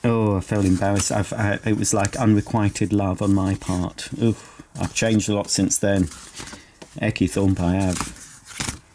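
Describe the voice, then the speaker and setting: Indoors at home, a middle-aged man who vlogs talks casually while going through his old things, sentimental and poking fun at himself. He speaks a little slowly in a fairly low, level, slightly mellow voice, with a faint hiss or hum on the recording.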